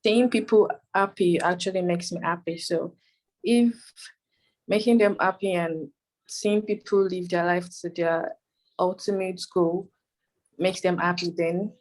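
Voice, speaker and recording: A woman's voice: lowish voice, fairly even intonation, a little slow, a little mellow, faint music behind, poor audio. A woman answering a practice interview question on a video call, hesitant and full of fillers.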